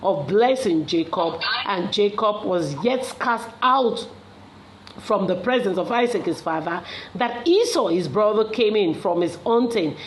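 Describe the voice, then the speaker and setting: A woman reads scripture aloud at a measured, careful pace, sometimes stumbling and going back over a word. Her voice sits in a mid range, with a faint hiss of noise in the background. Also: mid-range voice, lively intonation, poor audio. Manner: measured, careful reading with occasional slips and self-corrections. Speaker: Bible reader.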